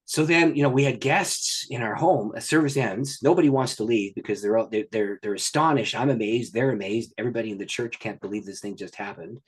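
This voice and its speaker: A pastor, a man, telling a story as a guest in an interview, in an animated and excited way. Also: medium pitch, brisk, few pauses, breathy edge.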